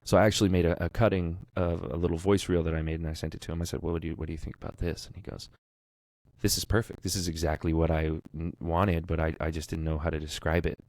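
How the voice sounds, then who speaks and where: A man's voice: sits low, dry recording. A man co-hosting a casual podcast about voice acting, talking eagerly and nerdily about his audiobook work. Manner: enthusiastic, nerdy, talks fast when excited. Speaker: podcast co-host, audiobook narrator.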